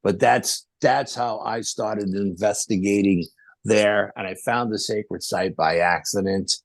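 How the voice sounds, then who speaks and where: Low-voiced man telling a rambling story. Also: measured pace, vocal fry, no echo. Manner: rambling, animated retelling with quoted dialogue. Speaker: podcast guest. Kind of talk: casual storytelling.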